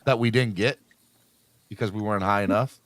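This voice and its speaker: A man's voice: on the low side, steady tone, fairly quick, fairly bright tone, dry recording. A man hosting a casual sports podcast, reading out news updates and laughing along with his co-hosts. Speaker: podcast host.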